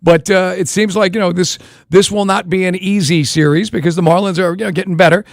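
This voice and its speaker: A man hosting a sports radio show, talking in a rapid, rambling, animated way. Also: high voice, no room sound, clean studio sound. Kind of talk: casual sports talk.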